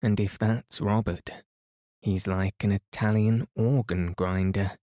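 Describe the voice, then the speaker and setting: A man's voice: lowish voice, fairly even intonation, takes it slowly, mellow, no echo, studio quality. A man voicing a polite, sensible older girl who speaks decidedly in a bedtime storybook reading.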